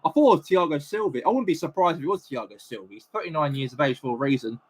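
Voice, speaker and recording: Animated man reacting to a match live. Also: fairly high pitch, quick pace, breathy edge. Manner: animated, exasperated, swears at the referee. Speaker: watch-along host, football fan.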